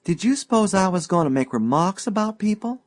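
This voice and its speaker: A man voicing a playful, wistful young Southern woman in an audiobook reading, in a raised soft girlish pitch. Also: big pitch swings, a little fast.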